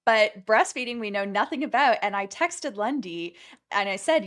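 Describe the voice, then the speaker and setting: A young woman co-hosting a podcast in casual chat, excitable and animated, with lots of "like" fillers. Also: fairly high pitch, normal speed. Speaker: podcast co-host.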